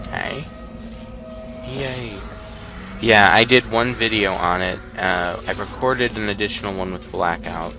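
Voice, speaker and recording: Wry, slow-talking game streamer. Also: low-pitched. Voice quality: wry, sarcastic reactions with frequent laughs. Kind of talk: casual gameplay commentary. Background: game music.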